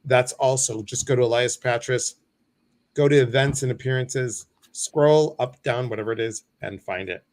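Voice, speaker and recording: A man's voice: mid-range voice, normal speed, darkish tone. A man hosting a livestream talk show, speaking casually in a playful, joking and slightly flustered way. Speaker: host.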